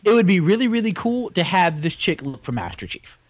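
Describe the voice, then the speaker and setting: A man co-hosting a casual podcast, talking in an animated, rambling and opinionated way. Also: high voice, brisk, no room sound, poor audio. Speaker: podcast co-host. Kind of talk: casual chat.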